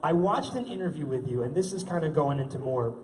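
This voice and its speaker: A man's voice: on the high side, animated, fast, darkish tone. A man moderating a convention panel, an eager, chatty fan asking the guest questions. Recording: echoey hall from far off.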